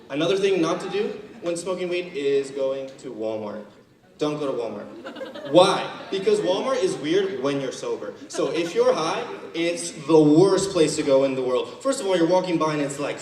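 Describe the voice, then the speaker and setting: A man's voice: a little high, lively intonation, normal speed. A young man performing a stand-up comedy set as a student, telling stories casually and acting out the people in them. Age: young adult. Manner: casual storytelling, acting out quoted characters. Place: university auditorium stage. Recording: roomy hall, mic far off, loud crowd. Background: laughing audience.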